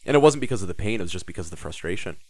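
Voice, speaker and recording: Very deep-voiced man telling a story. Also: lively intonation, very fast, darkish tone, no room sound. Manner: storytelling, swears casually, acts out quoted dialogue. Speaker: podcast host. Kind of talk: casual podcast chat.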